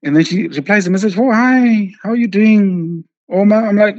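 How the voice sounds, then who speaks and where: A man's voice: high-pitched, normal speed, a little mellow, highs cut off. A man telling a story in casual chat, acting out the quotes and laughing often. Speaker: podcast host telling a story.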